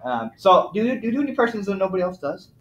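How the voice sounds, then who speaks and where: An easygoing male host from the Malden area chats agreeably with a guest. His pitch is fairly high and moves around a lot. The room gives his voice a noticeable echo. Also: sing-song, racing, fairly bright tone, lo-fi sound. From Malden, Massachusetts area. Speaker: podcast host. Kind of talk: casual chat. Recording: roomy echo.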